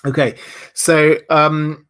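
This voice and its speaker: A man's voice: fairly high pitch, level tone, slow, a bit bright. A man with a Southern English accent, from Hampshire, hosting a livestream and answering viewer questions in a thoughtful, hesitant way with many ums and uhs. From Hampshire, England. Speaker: livestream host.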